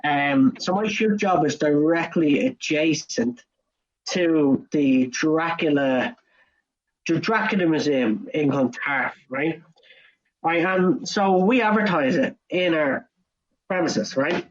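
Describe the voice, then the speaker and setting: A young Irish man on a casual podcast, telling a work story in an animated way and acting out both sides in quoted voices. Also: fairly high pitch, slow pace, dull audio. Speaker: podcast co-host. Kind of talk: casual chat.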